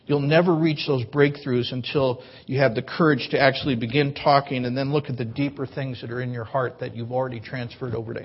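A man's voice: on the high side, breathy edge, muffled recording. A man preaching a sermon to his congregation in a church, in an earnest, conversational way, sometimes stumbling over his words. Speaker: pastor. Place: church sanctuary.

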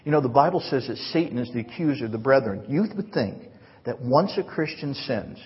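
In a large church hall, a male pastor preaches a sermon in an earnest, conversational way, often acting out the lines he quotes. His mid-range voice is animated and a little fast, with a breathy edge. The hall recording is reverberant, dull and lo-fi.

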